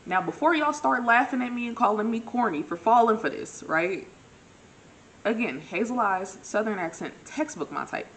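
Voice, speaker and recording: Lively young woman telling a story. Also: moderate pace, slight background noise, poor audio. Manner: animated, acts out quotes with big pitch jumps; self-mocking, laughs often. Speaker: vlogger. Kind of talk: casual storytelling.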